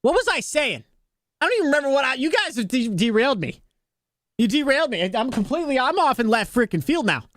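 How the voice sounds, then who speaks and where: A man streaming a game live, talking to his chat in an excitable, flustered, joking way. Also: extremely high pitch, fast, dry recording, studio quality.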